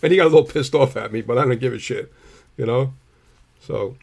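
A man's voice: medium pitch, fairly quick, vocal fry, darkish tone. A middle-aged man, co-hosting a casual chat show and telling blunt stories with some swearing. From New Jersey. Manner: blunt, storytelling, swears freely. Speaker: co-host.

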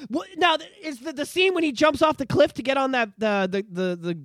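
Podcast host, male, very high and lively voice, profane and excitable, dry sound. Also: brisk, no room sound. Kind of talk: casual chat.

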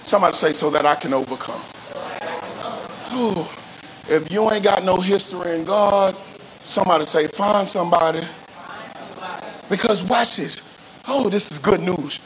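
A male pastor preaching a sermon with call-and-response, often rising into shouts and sung phrases. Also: high voice, normal speed, low-quality recording. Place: church service.

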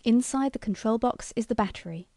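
A woman voicing an eager young male toy demonstrator who makes a salesman's pitch and then confides. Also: fairly quick, dark tone, dry recording, studio quality, lightly acted. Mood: selling.

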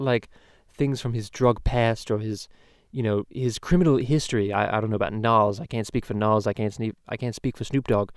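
A man's voice: mid-range voice, darkish tone, no room sound, studio quality, natural voice. A man doing a crude rambling cartoon dad. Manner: rambling, profane, loose storytelling. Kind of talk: casual podcast chat.

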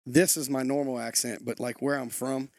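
A man's voice: mid-range voice, little pitch movement, moderate pace, vocal fry, a little mellow, no room sound, clean studio sound. A man with a Louisiana accent, a guest on a podcast, chatting in an easygoing, good-humored way. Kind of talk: casual podcast chat.

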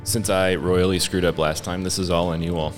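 A man's voice: low-pitched, little pitch movement, brisk, soft background music. A man with a Southern US accent playing a live tabletop game, joking and chatty. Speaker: player.

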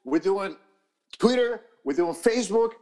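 A man's voice: high voice, lively intonation, a little slow, darkish tone, slight background noise. A man co-hosting a podcast in casual, profane chat, rambling with many fillers and restarts. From New York. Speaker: podcast co-host. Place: podcast studio.

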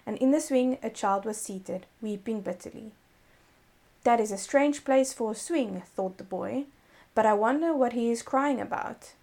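A woman reads an old fairy tale aloud, her voice pitched a little high with a gravelly edge at the bottom. She tells it gently and steadily, like a bedtime story, and stops now and then to fix a stumbled word. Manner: gentle read-aloud storytelling with self-corrections.

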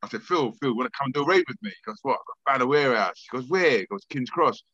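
This podcast guest from London tells an extended story in a lively way, voicing the other characters and repeatedly restarting sentences with a stammer. His voice is mid-range and quick-paced, and the recording has no room sound and clipped highs.

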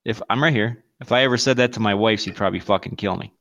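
A man's voice: fairly low pitch, fast, vocal fry, fairly bright tone, dull audio. A married man co-hosting a podcast, crude and laughing, swearing through casual banter. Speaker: podcast co-host.

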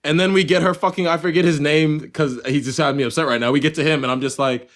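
A young man with a fairly high voice co-hosts a podcast and chats casually. He swears freely and acts out his reactions, jumping between muttered asides and loud bursts. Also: steady tone, quick pace. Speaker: podcast co-host. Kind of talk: casual chat.

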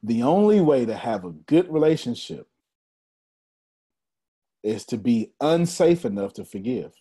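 Guy preaching motivation, husky mid voice, laughs while telling his story. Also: mid-range voice, measured pace. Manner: animated, laughing storyteller addressing the crowd. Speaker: motivational speaker.

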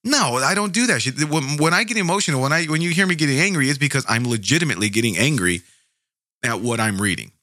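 A man's voice: mid-range voice, fast talker, pushed and bright, dry recording, studio quality. A man hosting a true crime podcast, reading case notes aloud and breaking off into profane, angry asides full of stammered restarts.

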